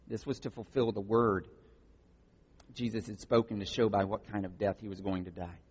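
Un pasteur à la voix éraillée lit les Écritures d'un ton dramatique, entrecoupé de remarques franches. Le son est terne et résonne longuement dans une grande salle. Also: male voice, lowish voice, steady tone, fairly quick, a little mellow, breathy edge. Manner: reads with dramatic voices, blunt asides. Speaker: pastor. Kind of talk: sermon reading scripture. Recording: dull recording in large echoing hall.

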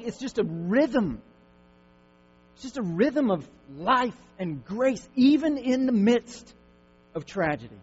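A man preaching a sermon, swinging from loud, fervent declaring to hushed, gentle reassurance. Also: high-pitched, husky. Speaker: pastor. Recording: dull lo-fi recording with faint mains hum.

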